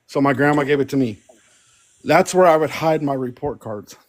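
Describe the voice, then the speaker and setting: Man, high-pitched voice, young adult, animated storyteller, laughs a lot, casual podcast chat. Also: normal speed, very noisy. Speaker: podcast co-host.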